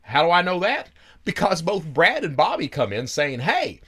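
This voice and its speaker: A man hosting a podcast, telling his own story in an animated, profane, chuckling way. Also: fairly high pitch, moderate pace, husky. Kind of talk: casual storytelling.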